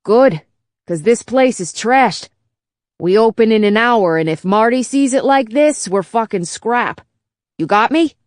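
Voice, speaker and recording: A woman's voice: a little high, lively intonation, measured pace, no echo, studio quality, pitched above the performer's own voice. A woman voicing a worn-out, confused male robot bartender with a Chicago accent and a brash, profane way of talking. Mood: agitated. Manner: brash, profane working-class bar talk.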